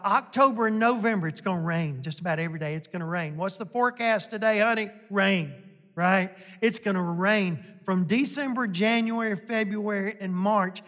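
A pastor from delivers a sermon at a slow, deliberate pace. The manner is folksy and emphatic, hammering points home through repetition. The voice carries a long reverb, as if it is filling a big church sanctuary. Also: medium pitch, a bit bright. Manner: emphatic and folksy, repeats points, often asks "right?".

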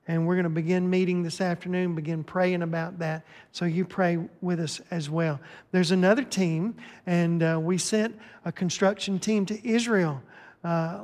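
High-voiced pastor with a long hall echo. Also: male voice. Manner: lively, joking, calls out to the congregation. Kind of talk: sermon with announcements. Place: church sanctuary. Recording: long church hall reverb.

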